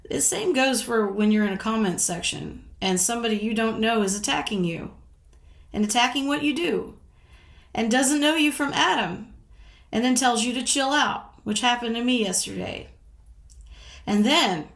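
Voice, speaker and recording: A woman's voice: medium pitch, gravelly, a bit bright. A middle-aged woman from the United States talking casually to camera as a vlogger, frank and indignant, swearing freely and laughing between points.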